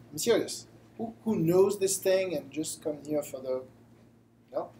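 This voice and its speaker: Man, French accent, mellow warm tone, live lecture, faint background hiss. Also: on the high side, animated, slow pace, rough recording. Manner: self-deprecating, explains with simple examples. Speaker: guest lecturer. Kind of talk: live lecture to a study group. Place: room with a live audience.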